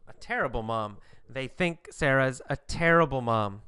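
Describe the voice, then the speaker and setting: A man teaches an English lesson by asking and answering questions about a story. He speaks slowly and emphatically, like a teacher, with lively intonation, in a medium-pitched, clean voice with no echo.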